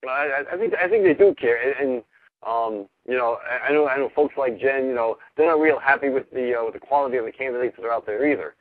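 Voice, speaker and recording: A calm male caller who stammers and hesitates as he disagrees politely with the host. His mid-pitched voice sounds dry and tinny over the phone line. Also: fast talker, no echo. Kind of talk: call-in radio chat.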